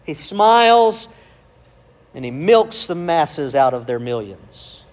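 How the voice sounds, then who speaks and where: A man's voice: on the high side, big pitch swings, slow. A male pastor, preaching a sermon with emphatic rhetorical questions and calls of amen.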